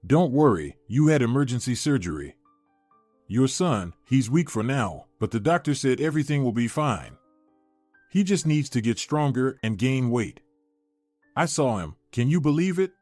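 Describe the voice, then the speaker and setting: A gentle older mother soothes her daughter in soft, slow words, read by a male narrator. The sound is dry and close with faint music underneath. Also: medium pitch, big pitch swings, no echo. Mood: soothing.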